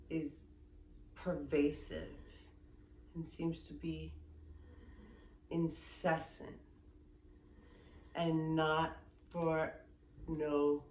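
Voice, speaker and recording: A woman in her forties talks frankly to her viewers, rambling and restarting with lots of fillers. Her pace is unhurried and her voice sits a little low. She sounds set back from the mic in a reverberant room with a faint hum behind her. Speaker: yoga vlogger. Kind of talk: casual talk to camera. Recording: roomy sound from a distance with faint background noise.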